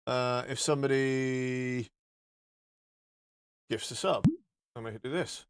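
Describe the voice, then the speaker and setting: A man's voice: medium pitch, steady tone, slow, clean tone, faint music behind. A man chatting casually and joking as he shows off filters on his live stream, with some swearing.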